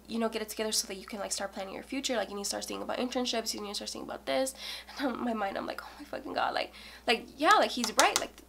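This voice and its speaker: A woman's voice: on the high side, vocal fry, fairly bright tone. A woman in her twenties from Texas, telling her story in a candid, casual vlog chat, swearing freely and saying "like" often. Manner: candid, swears a lot, fillers like "like". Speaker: beauty vlogger.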